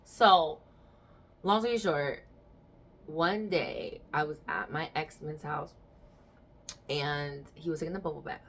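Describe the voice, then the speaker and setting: A woman's voice: low voice, takes it slowly, pauses often, a bit bright. A young adult woman hosting a podcast, chatting casually and telling stories frankly with bursts of laughter. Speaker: podcast host.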